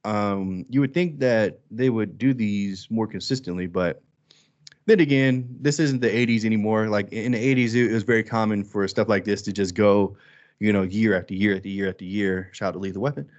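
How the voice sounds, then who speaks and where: Man, podcast co-host, casual, animated, lowish voice, dull lo-fi sound. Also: moderate pace. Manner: animated, jumps high to act out quoted lines. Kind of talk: casual chat.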